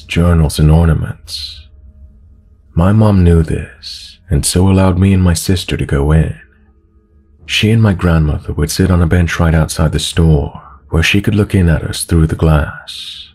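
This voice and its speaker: Male horror narrator: very low, husky, slow and measured, soft music bed. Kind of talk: scripted horror story narration. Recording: narration over background music.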